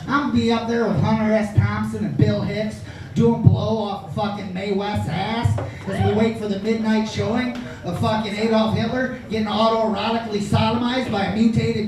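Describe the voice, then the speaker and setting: A brash, foul-mouthed man tells stand-up stories in a high voice. He sounds far from the mic in a very echoey small club. Room noise and crowd laughter hang around him. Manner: crude, brash, profane storytelling. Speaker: stand-up comedian. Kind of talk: stand-up comedy set. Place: small comedy club stage. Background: audience laughter.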